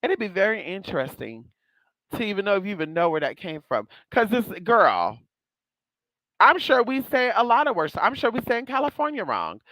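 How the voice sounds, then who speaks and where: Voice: medium pitch, wildly swooping pitch, normal speed, sharp tone, dry recording, poor audio. A spiritual vlogger talking straight to viewers in a casual monologue, sassy and blunt, calling people "girl" and "honey" and swearing freely.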